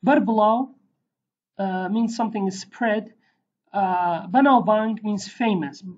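A woman's voice: mid-range voice, takes it slowly, darkish tone, highs cut off. A woman teaching a casual online language lesson, chatty and digressive, with many fillers and self-corrections.

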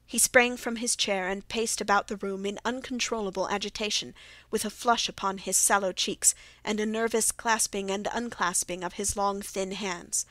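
A woman narrating a classic detective story audiobook in a steady, even reading. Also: medium pitch, normal speed, no room sound. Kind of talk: scripted narration.

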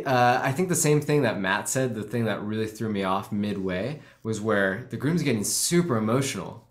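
A man co-hosting a live stream, casually critiquing a wedding film and thinking aloud with many fillers. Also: mid-range voice. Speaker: wedding filmmaker co-host reviewing films.

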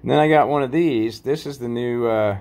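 A man casually rambling through a show-and-tell vlog about his collection, halting often with fillers and folksy sign-offs. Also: mid-range voice, a little mellow. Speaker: coin collecting vlogger.

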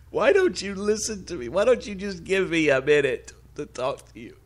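A man voicing a lovesick young girlfriend in a whimpering, plaintive high falsetto. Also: sing-song, moderate pace. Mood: nagging.

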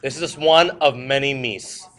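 A man's voice: mid-range voice, moderate pace, a bit bright. A male history teacher giving a classroom lecture. He tells stories with jokes and puts questions to the class. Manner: joking, storytelling, asks the class questions.

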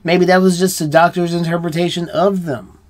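An American man with a fairly high voice talks through a TV episode on his reaction channel. He muses aloud, rambles and keeps questioning his own views in casual solo chat. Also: flat delivery, brisk. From United States. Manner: musing, rambling, self-questioning.

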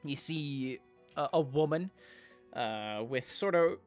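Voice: medium pitch, lively intonation, takes it slowly, faint music behind. A game master narrating a tabletop game in a rambling way, with many fillers and restarts.

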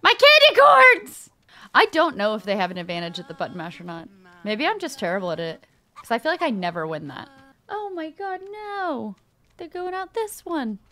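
A woman giving playful, excitable gameplay commentary, swearing freely and shrieking at the game. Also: medium pitch, brisk. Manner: playful sing-song greetings to other players. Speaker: gaming video creator.

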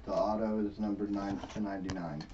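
A man with a lowish voice chimes in from off to the side with quick facts about the cards. The sound is muffled, with faint noise underneath. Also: fairly even intonation, warm tone. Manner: chimes in with short checklist facts. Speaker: co-host in the background. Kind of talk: casual chat.

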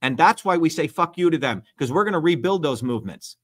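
A man's voice: fairly high pitch, animated, fast talker. A middle-aged man hosting a livestream, talking bluntly and emphatically with lots of profanity. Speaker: host. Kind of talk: heated livestream talk.

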